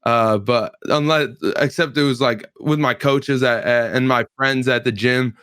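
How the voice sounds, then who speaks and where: A man's voice: mid-range voice, fairly even intonation, unhurried, a bit bright, smooth, dry recording, clean studio sound. A man in his twenties, a pro fighter, telling a story in casual chat on a podcast, laid-back and full of slang and filler words.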